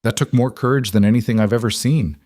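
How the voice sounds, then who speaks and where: A man voicing a protective male cowboy who talks in a calm, level way, in a scripted story reading. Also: mid-range voice, quick pace, no echo, clean studio sound, close to an everyday voice.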